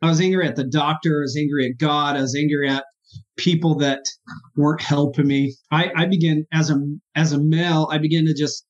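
A man with a voice pitched a bit high speaks as an interview guest, earnest and halting as he tells his story, often stumbling over his words with feeling. The recording sounds dull and lo-fi. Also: fairly even intonation. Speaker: guest, therapist.

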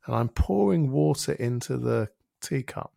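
Gravelly man telling a story. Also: mid-range voice, expressive, measured pace, dark tone, dry recording, studio quality. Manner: vivid storyteller who acts out his own inner voice, casual swearing. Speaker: interview guest, helps people with their thinking. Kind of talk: reflective storytelling in a podcast conversation.

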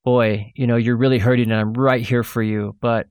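A man's voice: medium pitch, flat delivery, normal speed, darkish tone, clean tone, dry recording. Conversational male host, dry close sound. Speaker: interview host. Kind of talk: casual interview chat.

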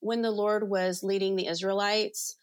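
A woman's voice: mid-range voice, level tone, normal speed, clean tone. Earnest chatty woman sharing a testimony. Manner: earnest, chatty, many fillers like "you know" and "like". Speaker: interview guest, counselor and recovery ministry leader. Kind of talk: personal testimony in conversation.

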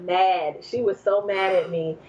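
Woman guest, expressive storyteller, high exclaims, middle pitch, dull lo-fi sound. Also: measured pace, distant mic, crowd noise. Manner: expressive, jumps to high exclaims when quoting herself. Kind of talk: personal storytelling in conversation. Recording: dull lo-fi recording.

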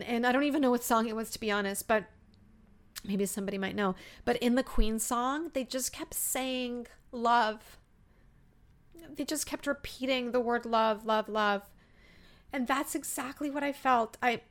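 A woman in her thirties hosting a podcast, telling a personal story in a heartfelt, emotional way, with many fillers and pauses. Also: fairly high pitch. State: emotional, near tears. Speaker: podcast host.

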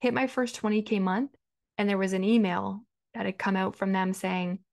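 A woman's voice: medium pitch, fairly even intonation, moderate pace, vocal fry, a little mellow. Earnest woman telling her business story. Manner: earnest, emotional, fond of "like" and repeated words. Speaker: business coach and podcast host. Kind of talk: personal storytelling monologue.

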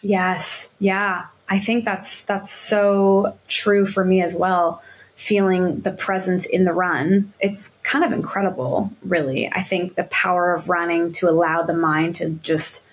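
A woman guest on a podcast, a marathon runner and yoga instructor, chatting in a relaxed, upbeat way with many fillers. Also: lowish voice, measured pace. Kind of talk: casual interview chat.

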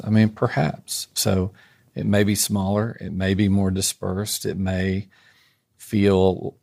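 A man co-hosting a faith podcast, thoughtful and halting, reading a blessing slowly and deliberately. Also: low voice, creaky, darkish tone. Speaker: podcast co-host. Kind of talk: reflective faith podcast conversation.

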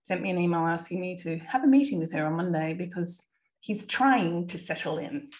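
A woman's voice: fairly low pitch, lively intonation, a little fast, a little mellow. A woman in her thirties hosting a podcast, earnestly retelling a distressing family episode with quoted dialogue. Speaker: podcast host and parent. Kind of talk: personal storytelling monologue.

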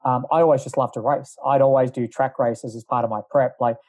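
A man's voice: mid-range voice, steady tone, fairly quick, darkish tone, no echo. A middle-aged man who used to be a distance runner, telling a story in a casual, rambling way with lots of fillers and asides. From Australia.

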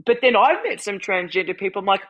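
A man's voice: high-pitched, expressive, fast talker, fairly bright tone. A man with a somewhat raised voice talks casually as a podcast co-host. He tells stories animatedly, acting out other people's lines and laughing often. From European family background. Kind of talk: casual conversation.

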